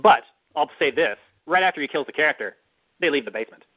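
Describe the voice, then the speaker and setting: A man hosting a casual chat, telling a long story in a rambling, drawn-out way with many fillers. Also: a little high, animated. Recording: dull lo-fi recording.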